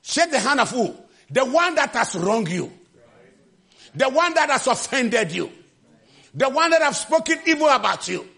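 A man preaching a sermon with passion, shouting refrains and acting out the scripture quotes. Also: very animated, measured pace, gravelly, pauses often, breathy edge. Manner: acts out quotes with sudden pitch jumps.

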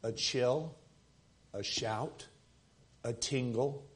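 A man preaching a sermon as pastor at a church service, swinging from loud emphatic lines to soft, hushed ones. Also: mid-range voice, drawn-out words.

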